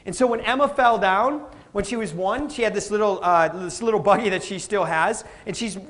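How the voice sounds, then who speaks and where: A man giving a live motivational talk, animated, calling the audience folks and acting out what people say. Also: sits high, fairly quick. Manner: animated, addresses crowd as folks, acts out quotes. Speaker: motivational speaker.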